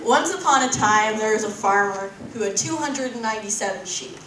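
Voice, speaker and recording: A woman's voice: medium pitch, lively intonation, brisk, a bit bright, slight background noise. A woman contestant telling a long joke to a panel audience in a breezy, casual way. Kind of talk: storytelling a joke. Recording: echoey hall, distant mic.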